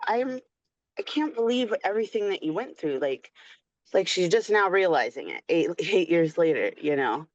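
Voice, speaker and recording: A woman's voice: fairly low pitch, no room sound. A woman on a video call telling a personal story in a chatty, candid way, full of "like" and "you know". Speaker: support group participant. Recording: dull, dry audio.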